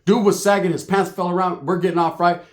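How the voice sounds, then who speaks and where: Speaking in a high voice at a quick pace, this Northern California man spins a funny, foul-mouthed tale from the street. He's slangy and animated, performing sound effects as he goes.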